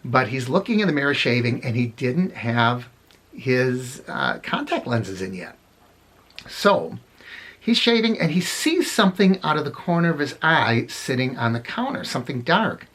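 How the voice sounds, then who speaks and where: A man's voice: medium pitch, sing-song, moderate pace, fairly bright tone, husky. A middle-aged man casually telling funny anecdotes, rambling and correcting himself as he goes. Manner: rambling, self-correcting, chuckles at his own stories. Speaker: storyteller vlogger.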